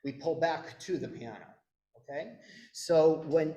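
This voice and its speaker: A man's voice: fairly high pitch, moderate pace, dark tone, reverberant. A man directing a choir rehearsal, coaching singers and demonstrating phrases. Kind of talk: rehearsal instruction.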